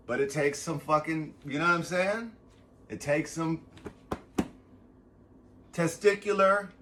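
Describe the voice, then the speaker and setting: A man vlogging a casual motivational monologue, rambling and swearing, swinging from loud bursts to soft asides as he gets emotional and close to tears. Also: fairly high pitch.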